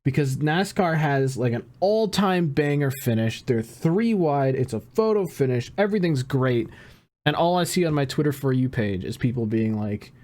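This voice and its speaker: A man's voice: mid-range voice, animated, moderate pace, darkish tone. A man on a casual podcast, talking loose and profane, ranting with bursts of rising energy. His voice sits mid-range. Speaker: podcast co-host.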